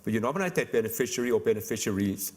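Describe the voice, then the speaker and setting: A middle-aged man, an insurance expert, explaining estate planning in a brisk interview. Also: on the low side, lively intonation. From South Africa. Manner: brisk, explanatory, rapid-fire examples. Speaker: insurance company expert guest. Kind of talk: virtual conference interview.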